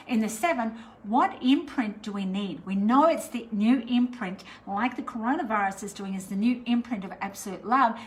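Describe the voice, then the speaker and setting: A woman's voice: fairly high pitch, slight background noise, rough recording. A middle-aged Australian woman, a spiritual teacher, chatting casually to camera, meandering with lots of fillers. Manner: chatty, meandering, warm and encouraging with many fillers.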